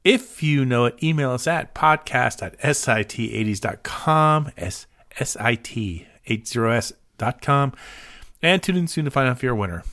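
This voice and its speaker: A man's voice: mid-range voice, animated, normal speed, a bit bright. A man hosting a podcast in loose, goofy casual chat, often laughing at himself. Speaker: podcast host.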